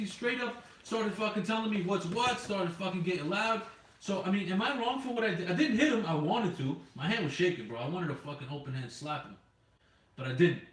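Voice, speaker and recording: A man's voice: sits high, a bit bright. A man telling a profane, heated work story in casual podcast chat. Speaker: podcast co-host. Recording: roomy, distant mic with faint noise.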